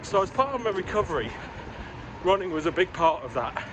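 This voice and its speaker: A middle-aged man with a Geordie accent that drifts toward London, talking frankly to a body-worn camera as he runs along streets and a canal towpath. His voice sits a touch high for a man. City traffic and street sounds run clearly beneath his words. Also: sing-song, brisk. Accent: Geordie mixed with London. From Newcastle, England. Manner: chatty, frank, talking while running. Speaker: running vlogger. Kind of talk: casual running vlog. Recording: clear urban background noise.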